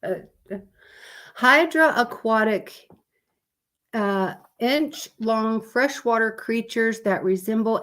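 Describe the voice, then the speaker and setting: A woman's voice: on the high side, slow, a bit bright. A woman, chatting casually on a live stream, reading out fun facts to viewers in a rambling, sleepy way. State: sleepy, yawning.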